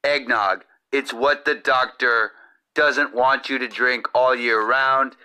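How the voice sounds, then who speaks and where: A man's voice: mid-range voice, steady tone, slow, sharp tone, clear, resonant tone. A man hosting a comedy podcast from his home kitchen, rambling through profane jokes. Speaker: podcast host. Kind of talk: crude comedic monologue. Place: home kitchen with cooking going on.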